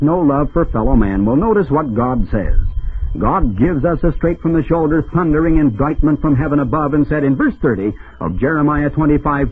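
A male radio preacher delivers his sermon with emphatic, declamatory force, his voice swinging widely up and down. The tone is somewhat husky, and the sound comes through as a thin, tinny, lo-fi radio broadcast. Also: fairly high pitch, animated, moderate pace.

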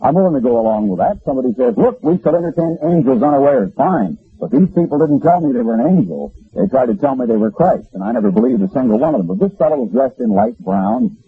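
Man, radio preacher, lively rising and falling delivery, folksy and emphatic, tinny old broadcast. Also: medium pitch, quick pace, gravelly, few pauses, slightly rough, no echo. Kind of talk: radio sermon.

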